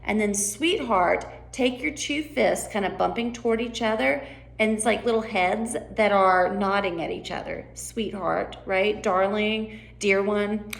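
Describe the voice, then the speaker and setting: A woman's voice: mid-range voice, a little slow, gravelly, reverberant. A woman coaching actors on signing their lines for a play, explaining in a chatty way. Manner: chatty, explaining, frequent "right?" and "um". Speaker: sign language coach. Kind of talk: teaching signs for a play rehearsal.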